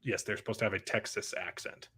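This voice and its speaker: A man's voice: lowish voice, fairly even intonation, quick pace, fairly bright tone, slightly rough. A man hosting a casual chat show, sarcastic and dismissive as he picks apart a TV series. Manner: sarcastic, dismissive, mocks scenes in put-on voices. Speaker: show host.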